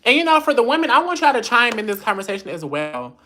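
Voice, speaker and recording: A woman's voice: fairly high pitch, big pitch swings, fast, bright, forceful tone, a little hiss or hum. Sassy, profane woman on a livestream. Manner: reads viewer comments aloud and answers them. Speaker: livestream host. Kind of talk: casual livestream chat.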